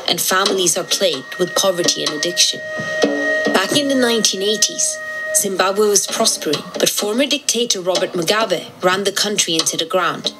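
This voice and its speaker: A woman giving measured, scripted documentary narration. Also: medium pitch. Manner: measured, informative. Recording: narration over loud music.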